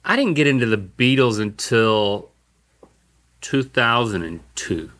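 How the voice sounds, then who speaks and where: A playful man in casual conversation, his voice bright and ringing. His pitch leaps around a lot as he jokes and riffs. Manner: playful, excitable, quick to joke. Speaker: podcast co-host. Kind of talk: casual chat.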